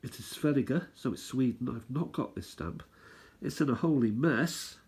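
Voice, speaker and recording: A man's voice: mid-range voice, moderate pace, a little mellow, husky. A man hosting a stamp collecting channel, rambling and thinking aloud as he chats casually through what he's showing. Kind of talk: casual show-and-tell chat.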